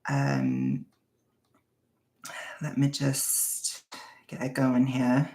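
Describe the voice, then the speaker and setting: Chatting casually with viewers, this young adult host wanders from topic to topic, mocking themselves and laughing a lot as they read chat. The fry-heavy, middle-pitched voice is sing-song, extremely slow and mellow, and it bounces through an echoey space.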